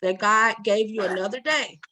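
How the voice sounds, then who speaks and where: A woman's voice: medium pitch, normal speed, slight background noise. A woman giving firm, faith-filled encouragement to a younger mother on a video call. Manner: warm, preachy, firm encouragement. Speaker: encouraging mentor in a women's group. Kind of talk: motivational faith talk.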